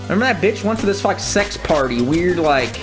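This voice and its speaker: Profane man ranting, lively swings. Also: high voice, a little fast. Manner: profane, animated storytelling with mocking impressions. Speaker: streamer. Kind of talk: ranting casual talk to viewers. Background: video game music.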